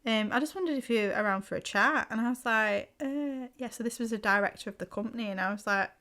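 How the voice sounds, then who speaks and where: A woman's voice: fairly high pitch, fast talker, bright, forceful tone. Chatty young woman, rambling. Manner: rambling storytelling, heavy use of "like", casual swearing. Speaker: podcast co-host. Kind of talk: casual chat.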